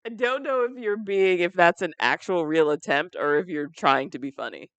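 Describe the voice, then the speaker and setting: A podcast co-host who teases and laughs a lot. the voice rises and falls in a lively way, recorded close and dry with no room sound. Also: medium pitch, moderate pace, clear, resonant tone, dry recording. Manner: laughs often, teasing. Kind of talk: casual chat.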